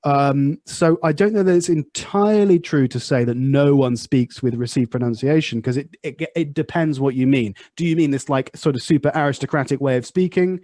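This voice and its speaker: A young man with a standard southern British accent talks in a relaxed, rambling way, full of ums and restarts. His voice sits at a middling pitch. The recording is dry and close, with no room sound. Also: moderate pace, hardly any pauses, no echo. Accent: standard southern British English. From United Kingdom. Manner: chatty, many fillers and restarts. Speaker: podcast host. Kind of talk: casual conversation.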